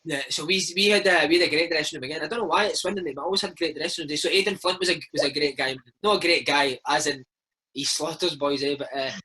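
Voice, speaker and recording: A Scottish man in his thirties, a former footballer telling stories in a casual interview, animated and peppering his talk with "mate". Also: on the high side, quick pace, husky, poor audio. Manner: animated, chatty, keeps saying mate. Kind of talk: casual storytelling chat.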